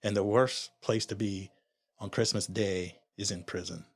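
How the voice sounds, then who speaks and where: A low-voiced man from Honduras shares a personal story as a podcast guest. His tone is husky and slightly breathy, and he speaks candidly and reflectively, often restarting a thought mid-sentence. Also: steady tone, a little slow.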